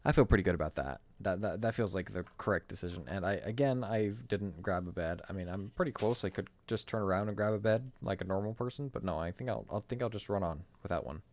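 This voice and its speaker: A man's voice: deep voice, quick pace, few pauses, a little mellow. A man streaming a game, talking through his moves in a rambling, wry, self-correcting way at his desk microphone. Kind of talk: casual gameplay commentary.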